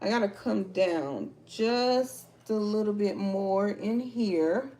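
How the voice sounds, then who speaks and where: Slow-talking chatty woman teaching sewing. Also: mid-range voice. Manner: chatty, talks to viewers as "y'all", excited exclamations. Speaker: sewing tutorial host. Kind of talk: casual live sewing tutorial.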